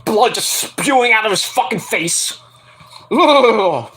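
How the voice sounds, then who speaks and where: An animated man recaps a wrestling match in casual, profane talk. His voice sits high and bright. He keeps breaking into acted-out quotes between his ums. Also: takes it slowly, rough recording. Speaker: wrestling reviewer.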